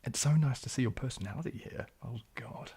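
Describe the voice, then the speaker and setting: A man with a New Zealand accent hosting an ASMR livestream, moving between whispers and soft speech, hesitant with many fillers. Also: medium pitch, fast talker, husky. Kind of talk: whispered, soft-spoken chat.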